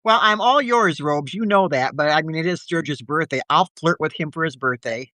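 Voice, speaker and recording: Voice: medium pitch, normal speed, pushed and bright, no room sound. A participant in a live audio chat who talks in a flirty, teasing way and laughs often. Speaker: participant and story reader.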